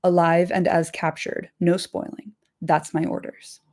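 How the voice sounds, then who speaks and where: A woman reading the part of a brutal male orc captain with a deep growl, boastful and barking orders. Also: level tone, unhurried, warm tone, close to an everyday voice. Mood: gruff.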